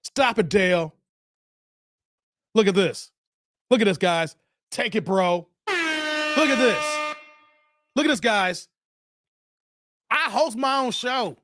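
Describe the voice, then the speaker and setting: A man's voice: high-pitched, animated, takes it slowly, long pauses, fairly bright tone, a little hiss or hum. A man hosting his own live show, reading viewer comments aloud and taking their jokes with playful protest. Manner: joking, reacts to viewer comments. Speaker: host. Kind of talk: livestream chat reading.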